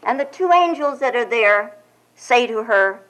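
A woman Zen teacher giving a spiritual sermon. She retells scripture as a gentle, reflective storyteller and often adds "you know". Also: on the high side, low-quality recording. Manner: slow and expressive, frequent "you know" asides.

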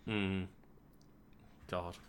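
A man chatting casually, relaxed, swearing now and then, and agreeing with short fillers. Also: deep voice, extremely slow, clear, resonant tone. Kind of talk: casual chat.

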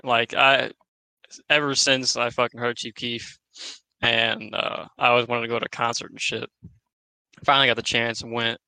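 A man's voice: medium pitch, little pitch movement, normal speed, creaky, pushed and bright, smooth, dry recording, rough recording. A man co-hosting a podcast, telling a story in laid-back, profane casual chat. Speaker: podcast co-host.

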